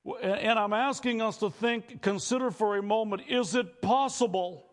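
A man's voice: sits high, normal speed. A male pastor preaching a sermon in church, addressing the congregation directly and questioning them. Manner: preaching with call-and-response to congregation.

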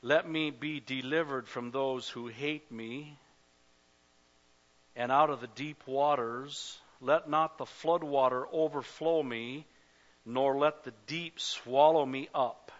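A pastor preaching a sermon at a church service, passionate, swelling to loud cries and speaking straight to the congregation. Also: male voice, mid-range voice, steady tone, slow. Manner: addresses the congregation directly. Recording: dull lo-fi recording.

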